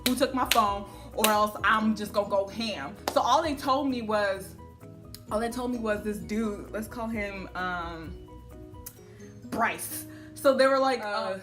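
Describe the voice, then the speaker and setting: A young adult woman telling a casual storytime to camera, slangy and swearing freely, loudly acting out the conversations she recounts. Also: medium pitch, normal speed, faint music behind. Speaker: vlogger.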